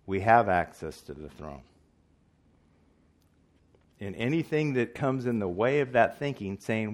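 A man preaches a sermon at a church meeting in a fairly low voice. He is earnest and emphatic and often puts questions to his listeners. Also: lively intonation, measured pace, long pauses.

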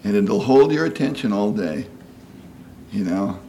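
A man's voice: fairly low pitch, expressive, unhurried, mellow, a little hiss or hum. A man in his sixties giving a conversational sermon, folksy and chatty, often asking "you know?" and acting out quoted voices. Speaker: preacher.

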